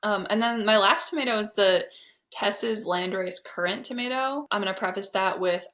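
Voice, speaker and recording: A woman's voice: lowish voice, a bit bright. A young adult woman co-hosting a homesteading podcast, talking in an easygoing, conversational way full of casual fillers. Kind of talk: casual chat.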